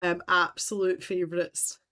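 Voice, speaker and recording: A Scottish woman in her thirties, hosting a livestream in animated, chatty conversation and laughing often. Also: on the low side, a little slow. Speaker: livestream host. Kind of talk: casual chat.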